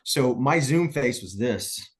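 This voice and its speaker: Here is a middle-aged man speaking as a coaching guest, easygoing and conversational. His voice sits at an ordinary pitch. He tells anecdotes and keeps checking in with his listeners with a quick "right?". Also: lively intonation. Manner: storytelling, frequent "right?" tag questions. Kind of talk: conversational podcast interview.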